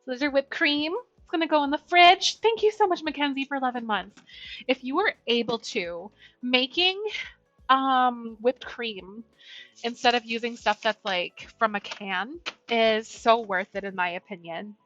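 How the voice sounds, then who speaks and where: A woman's voice: fairly high pitch, lively intonation, normal speed, a bit bright. A woman streamer chatting casually while baking in her home kitchen, bubbly and greeting her viewers by name. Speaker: Twitch streamer. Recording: slightly dull lo-fi stream audio, faint music.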